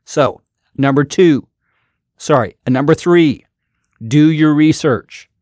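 A man's voice: on the high side, slow pace, a little mellow, dry recording, clean studio sound. A man hosting his own podcast, giving an emphatic, repetitive motivational talk as a coach.

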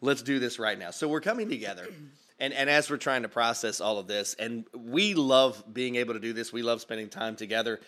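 A man's voice: medium pitch, fairly quick, a bit bright. Upbeat rambling male podcast host. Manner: upbeat, rambling, laughs often. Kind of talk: casual podcast chat. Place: home office at a table. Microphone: studio mic with headphones.

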